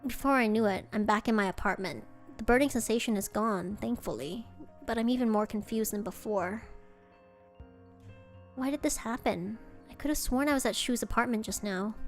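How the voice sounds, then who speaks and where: Expressive woman streamer reading a game. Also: fairly high pitch, moderate pace, soft background music. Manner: expressive, reacts with dismay. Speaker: streamer reading a visual novel. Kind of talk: reading game text aloud with reactions.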